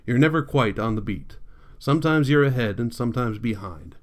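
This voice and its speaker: A man's voice: mid-range voice, animated, brisk. Man reading a literary audiobook. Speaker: audiobook reader. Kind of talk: scripted narration.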